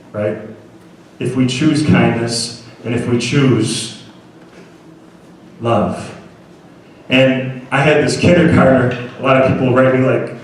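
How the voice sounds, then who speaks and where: This motivational speaker addresses schoolchildren at an assembly with a storytelling talk, earnestly urging them to agree. He has a medium-pitched voice, and there's a slight hiss or hum. Heavy hall echo makes him sound distant.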